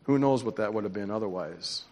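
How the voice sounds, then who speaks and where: A man preaching a sermon, telling stories in an animated, conversational way. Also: lowish voice, a little fast. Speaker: pastor. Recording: long hall reverb.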